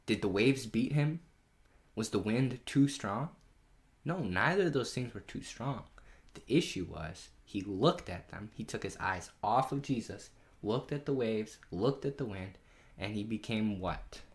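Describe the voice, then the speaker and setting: A man leading a children's Bible lesson from home, telling the story in an animated way and asking the kids questions. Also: fairly low pitch. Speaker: children's pastor. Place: home during lockdown.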